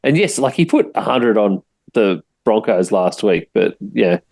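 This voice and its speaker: An Australian man on a podcast panel, ribbing the others with quick jabs. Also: fairly low pitch, sing-song, creaky, darkish tone.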